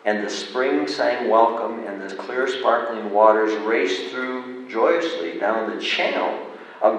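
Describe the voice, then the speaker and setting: A man pastor preaching a sermon and telling a parable, dramatic and shifting between loud and soft. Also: lowish voice, slight background noise. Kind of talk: sermon with storytelling. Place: church sanctuary. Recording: echoey hall, distant mic.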